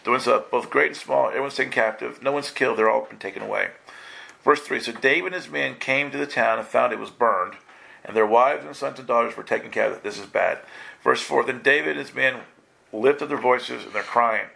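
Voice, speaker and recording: Gravelly, bright-voiced New preacher. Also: male voice, mid-range voice, brisk. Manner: playful, acts out voices, quizzes the congregation. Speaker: pastor. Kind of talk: lively live sermon.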